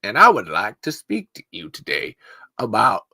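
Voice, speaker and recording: A man putting on a slow, deep, grand announcer voice as a celebrity impression. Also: huge pitch swings, vocal fry, bright, forceful tone, breathy edge, dry recording, full character voice. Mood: mock-grand. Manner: slow, low, grand delivery.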